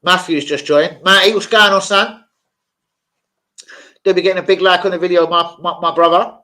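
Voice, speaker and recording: A man's voice: high-pitched, normal speed. A young man hosting a jokey football transfer live stream, reading out viewers' names. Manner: animated, jokey, reads out chat names. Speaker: football channel host. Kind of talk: live stream chat about transfer news.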